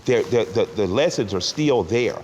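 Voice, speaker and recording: A man's voice: lowish voice, lively intonation, darkish tone, long reverb tail, lo-fi sound, a little hiss or hum. Emotional man recalling his family, voice catching. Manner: heartfelt, pauses and repeats words when moved. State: tearful at times. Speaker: interview guest, rapper. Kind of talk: emotional reflective interview talk.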